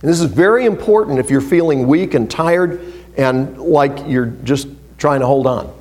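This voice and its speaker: This is a man preaching to his congregation as their pastor, keeping a moderate pace. He gives scripture readings real emphasis and alternates loud, stressed phrasing with soft, hushed asides.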